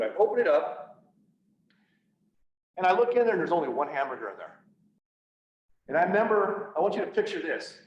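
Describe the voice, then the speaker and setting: Brief: a man recounting a hard day on duty, bluntly candid, with a slightly high voice, heard from across an echoey room. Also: very animated, a little fast, pauses often. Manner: candid, blunt, acts out quoted dialogue. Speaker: public speaker, police officer. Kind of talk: personal storytelling talk. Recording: echoey, distant, slightly dull, faint hiss.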